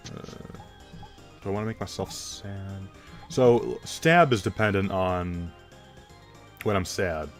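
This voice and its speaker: A man giving quiet, low-key let's play commentary, thinking aloud as he plays. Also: slow, long pauses, soft background music. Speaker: gamer.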